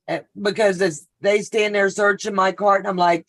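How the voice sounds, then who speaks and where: A woman's voice: mid-range voice, steady tone, moderate pace, hardly any pauses, fairly bright tone. A middle-aged woman hosting a live sewing show, chatting casually and telling stories while greeting viewers by name.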